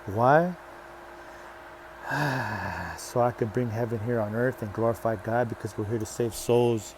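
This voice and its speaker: A man giving a faith-based motivational talk outdoors. He is preachy and energetic, repeats short rallying phrases, and swings between soft and loud. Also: lowish voice, a little slow, slight background noise. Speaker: motivational vlogger.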